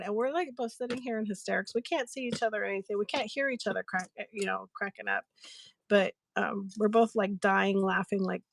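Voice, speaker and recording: A woman's voice: mid-range voice, gravelly, dry recording. Woman host, chatty, giggly, casual storyteller, dry close sound. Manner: chatty, giggly, animated retelling. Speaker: livestream seller host. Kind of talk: casual storytelling to live chat.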